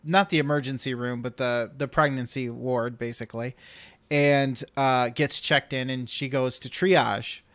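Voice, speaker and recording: A male podcast host with a mid-range, slightly bright voice talks at a measured pace and fairly even intonation, free of echo. He rambles through a lengthy anecdote in relaxed conversation, performing the quotes of the people involved.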